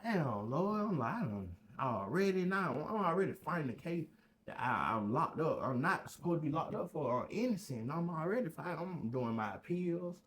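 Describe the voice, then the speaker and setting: Young man, casual podcast storytelling, jumps into loud high voices. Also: normal speed. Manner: animated, acts out quoted voices with loud high bursts. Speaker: podcast guest telling a prison story.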